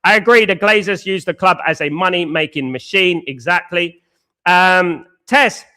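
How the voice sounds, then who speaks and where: A man's voice: on the high side, bright, forceful tone. A man hosting a live football fan reaction stream, reading viewer comments aloud and ranting passionately, swearing and repeating his points to the chat. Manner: addresses chat viewers directly as guys and mate. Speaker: football fan channel host.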